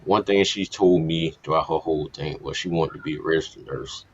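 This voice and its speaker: In dull, lo-fi podcast audio, a male co-host with a fairly quick, slightly rough bass voice tells a candid personal story. He speaks casually and bluntly, swearing plenty.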